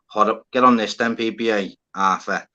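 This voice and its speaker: Brief: man, livestream host, bright and lively tone, swears freely, acts out every back-and-forth as he goes. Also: on the low side, normal speed, dull audio. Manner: swearing, animated, acts out both sides of conversations. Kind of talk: casual storytelling chat. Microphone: phone on a live stream panel.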